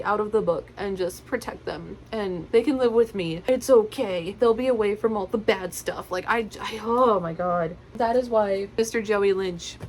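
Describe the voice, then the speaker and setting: A young woman gushes about her favourite books, circling back and repeating herself as her excitement builds. She films herself on a phone, so the sound is casual and close, with a faint hum of ambience behind her voice. Her voice sits at an ordinary middle pitch. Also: poor audio. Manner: gushing, effusive, repeats herself. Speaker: book vlogger. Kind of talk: casual enthusiastic book talk. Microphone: phone camera.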